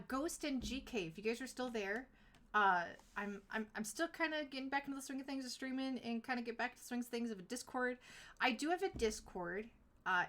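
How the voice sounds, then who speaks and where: With a slightly high, sharp-toned voice, a young woman chats on a live stream. She wanders through her stories casually, saying "like" a lot and laughing quickly.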